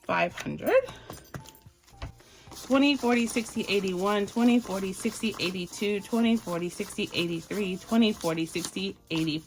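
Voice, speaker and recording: With faint music in the background, a budgeting vlogger from Barbados counts and arranges money while casually bantering with her viewers, whom she addresses as y'all. She speaks at a moderate pace in a medium pitch.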